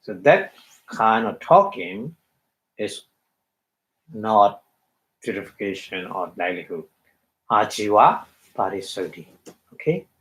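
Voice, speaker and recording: A man with a Burmese accent giving a Buddhist dharma talk, halting and full of fillers, acting out little quotes as he explains. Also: lowish voice, very animated, fairly bright tone, poor audio. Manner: halting, many fillers, acts out quotes with laughter. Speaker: Buddhist monk teacher.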